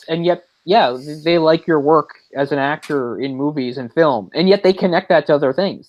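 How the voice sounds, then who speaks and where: A man's voice: a little high, normal speed, hardly any pauses, dry recording, rough recording. A man co-hosting a podcast, casually retelling a story with mocking impressions. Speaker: podcast co-host. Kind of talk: casual chat.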